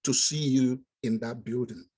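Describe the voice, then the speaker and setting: A man's voice: medium pitch, fairly even intonation, a little slow, dark tone, husky. A man giving emphatic, encouraging advice on a video call. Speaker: meeting participant.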